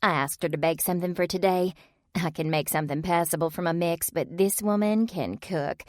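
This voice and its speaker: Casting: woman narrator voicing an emotional mom, voice lifting high. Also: brisk, no echo, studio quality, close to an everyday voice. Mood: proud. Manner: emotional, doting. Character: warm motherly woman with daughters.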